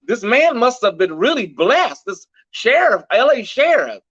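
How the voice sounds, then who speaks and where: A man's voice: extremely high pitch, very animated, unhurried, fairly bright tone, no echo, dull audio. A man hosting a live headline show, delivering the news in a sassy, gossipy way and greeting viewers by name.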